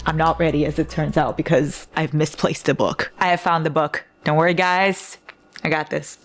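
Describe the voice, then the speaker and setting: Young woman, book vlogger, low voice, gravelly fry, dramatic gushing. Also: fairly even intonation, moderate pace. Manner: gushing, dramatic reactions, swears. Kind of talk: casual reading vlog.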